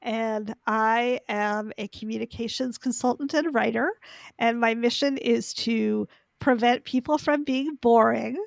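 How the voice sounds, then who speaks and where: A middle-aged woman guesting on a podcast, her voice pitched a little high with a gravelly fry at the ends of phrases. She explains things in long, friendly run-on sentences. The sound is close and dry, with no room around her. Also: fairly even intonation, measured pace, dry recording. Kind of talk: casual interview chat.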